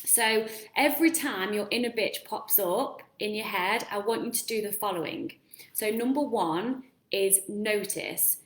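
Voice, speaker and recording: A woman coaching viewers in a casual live-stream talk, earnest and encouraging, asking them lots of questions. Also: medium pitch. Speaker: self-help coach. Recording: roomy echo.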